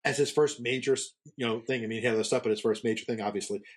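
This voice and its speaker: A man's voice: medium pitch, fairly even intonation, rapid-fire, breathy edge. A middle-aged man from the Northeastern United States, co-hosting a podcast in casual conversation and telling rambling stories full of fillers and restarts. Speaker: podcast co-host.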